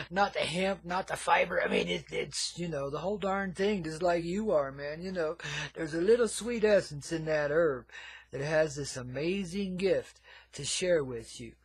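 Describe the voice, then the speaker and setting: Husky high-voiced hippie radio man. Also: no room sound. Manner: hippie patter peppered with "man", chuckling. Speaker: radio show host. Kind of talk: rambling comic radio monologue.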